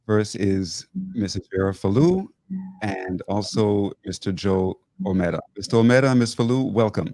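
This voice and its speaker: A man in his fifties hosts a television interview, often restarting and repeating his phrases as he goes. His voice sits fairly low, and the recording is dry and close. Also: normal speed, no echo. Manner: warm, repetitive phrasing with many restarts. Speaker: host.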